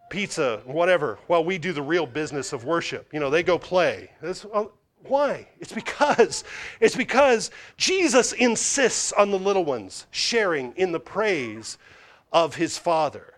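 A man preaching a sermon as a pastor, asking and answering his own questions and acting out the people he quotes. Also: unhurried. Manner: animated, acts out the quoted voices with big pitch swings.

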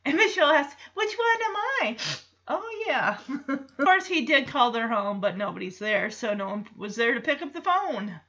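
Chatty woman doing a sitcom recap, super lively pitch, laughs a lot, acts out the lines. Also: normal speed. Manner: animated, acts out quotes in voices, laughs often. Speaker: show recapper. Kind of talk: casual episode recap. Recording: slightly dull lo-fi sound.

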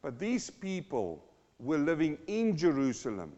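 A man preaching a verse-by-verse Bible sermon, his voice sitting a little high. He works through each passage dramatically, acting out the voices as he teaches. The recording sounds muffled and lo-fi, with a long reverb trailing through a large church hall. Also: wildly swooping pitch, a little slow, warm tone. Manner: dramatic, acts out the scripture voices with rising intensity. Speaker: pastor.

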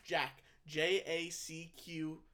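A woman's voice: sits low, little pitch movement, drawn-out words, background noise. A woman co-hosting a podcast in casual chat, with a dry, teasing way of talking. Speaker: podcast co-host. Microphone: studio microphone.

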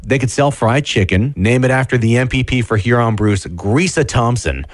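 A man co-hosting a radio show, teasing with quick wit. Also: mid-range voice, expressive, dry recording. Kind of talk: casual comedic banter.

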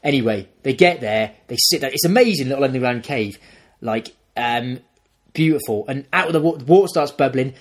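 A young man, a podcast co-host, casually retelling a film plot in a rambling, animated way and acting out the characters. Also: medium pitch, fairly quick.

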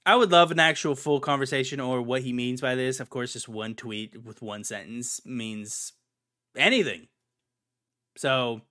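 Young guy hosting a podcast, bright voice, rants and repeats himself a lot. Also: medium pitch. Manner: ranting, emphatic, repeats himself. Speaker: podcast host. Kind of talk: casual podcast chat.

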